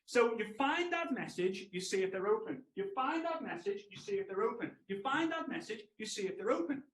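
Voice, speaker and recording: A man, giving an energetic storytelling training talk to an audience he keeps calling on. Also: high-pitched, brisk. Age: 30s. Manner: energetic, animated, asks the audience to respond. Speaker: network marketing trainer. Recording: roomy echo.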